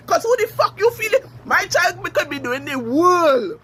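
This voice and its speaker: A Trinidadian woman giving a heated, cursing social media rant, furious and shouting at times. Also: very high-pitched, big pitch swings, moderate pace, few pauses. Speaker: TikTok commenter.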